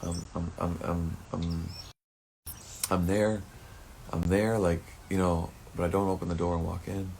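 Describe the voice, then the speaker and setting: A man's voice: sits low, monotone, normal speed, gravelly, few pauses, a little mellow, slight background noise. A man talking through a rambling personal monologue, swearing often and turning heated and emotional at times.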